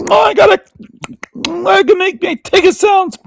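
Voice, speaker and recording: A man putting on a whiny, sobbing grown crybaby in a blubbering falsetto. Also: vocal fry, heavily acted.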